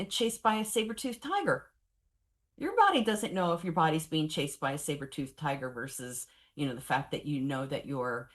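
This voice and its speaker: Low-voiced woman giving a candid trauma lecture. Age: 40s. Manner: candid, animated storytelling with wry humor. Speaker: trauma and grief trainer. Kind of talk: professional training lecture.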